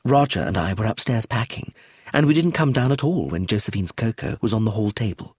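A man's voice: fairly low pitch, animated, fairly quick, darkish tone, breathy edge, no room sound, studio quality. A man doing a curt, defensive woman.

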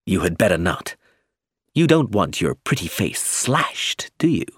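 A man reading an audiobook, voicing a guarded ex-convict in a low, clipped, menacing way. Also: animated, unhurried, no room sound, clean studio sound. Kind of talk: audiobook character voice.

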